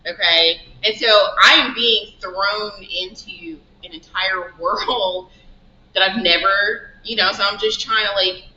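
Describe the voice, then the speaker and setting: A woman who owns a shop, telling stories in a casual interview and acting out the dialogue in lively quoted asides. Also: mid-range voice, takes it slowly, slight background noise. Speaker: shop owner guest. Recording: roomy, dull lo-fi sound.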